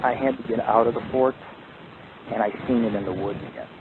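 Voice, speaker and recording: A man hosting a paranormal radio show, telling a long, profane, rambling ghost story in a casual, animated way. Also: mid-range voice, quick pace. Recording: tinny phone-like line with faint hiss.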